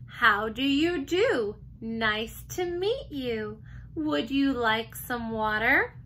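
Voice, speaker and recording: A woman's voice: high-pitched, lively intonation, slow, fairly bright tone, slight background noise, full character voice. A woman voicing a timid mother carefully trying out her first English phrases in a storybook. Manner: hesitant, careful.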